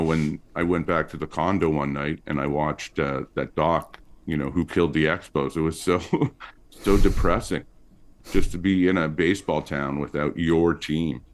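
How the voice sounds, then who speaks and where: A male comedian from Montreal chatting as a podcast guest, telling stories in a loose, lively way with lots of fillers. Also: moderate pace. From Montreal, Canada. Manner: chatty storyteller with lively pitch swings. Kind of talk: casual interview chat.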